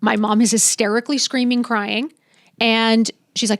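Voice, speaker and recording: A woman's voice: fairly high pitch, level tone, normal speed, no room sound, studio quality. Blunt, emphatic woman in her fifties. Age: 50s. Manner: blunt, emphatic, swears freely, acts out dialogue. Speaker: podcast guest. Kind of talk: candid storytelling.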